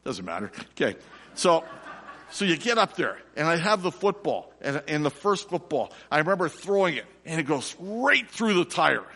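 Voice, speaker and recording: A middle-aged man, preaching a sermon and telling a lively personal story before turning quiet and slow. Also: fairly high pitch, breathy edge. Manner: animated storyteller, drops to soft and slow for reflection. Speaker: pastor. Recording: long reverb of a large hall.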